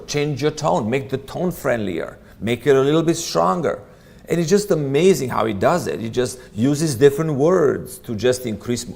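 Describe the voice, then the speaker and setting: A man's voice: mid-range voice, creaky. A man leading a church Bible study, speaking in an earnest, conversational way with many restarts. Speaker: church teacher.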